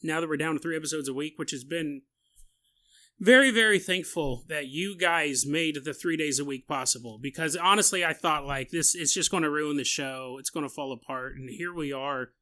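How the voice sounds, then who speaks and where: A man's voice: fairly high pitch, normal speed, bright, forceful tone. A man hosting a podcast live stream, chatting casually and rambling, laughing now and then. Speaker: podcast host.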